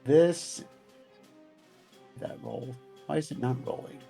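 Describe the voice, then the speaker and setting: Slow gravelly male tabletop player. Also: mid-range voice, dark tone, soft background music. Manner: hesitant, thinks aloud with many pauses. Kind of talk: tabletop game play over voice chat.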